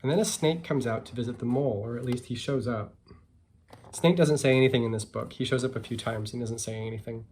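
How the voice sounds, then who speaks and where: A man, a picture book author, reading his story aloud and chatting about it in a relaxed, self-deprecating way. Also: medium pitch, brisk, slight background noise.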